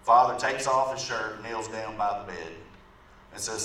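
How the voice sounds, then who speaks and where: Low-voiced male preacher in an echoey church. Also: fairly even intonation, normal speed, bright, forceful tone. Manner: conversational, often asks "right?" of the congregation. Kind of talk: sermon with a storytelling illustration. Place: church sanctuary. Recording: echoey room from far off, faint background noise.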